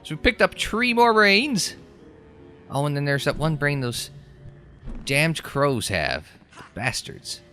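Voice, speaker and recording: Young man, casual let's-play commentary, sarcastic jokes, bright voice, lively swings in pitch. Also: takes it slowly, pauses often, faint music behind. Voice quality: joking, sarcastic, rambling. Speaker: game commentator.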